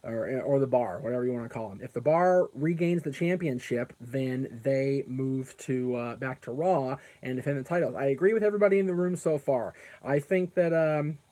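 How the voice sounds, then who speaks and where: Speaking at a normal speed with few pauses, a man of medium pitch and mellow tone hosts an informal stream. He drifts from point to point, answers the chat aloud, and constantly corrects himself with lots of fillers.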